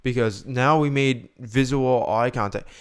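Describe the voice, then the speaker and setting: A man's voice: medium pitch, measured pace, clean tone. A young man co-hosting a podcast, chatting casually and opinionated, acting out the lines he quotes. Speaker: podcast co-host. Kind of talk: casual chat.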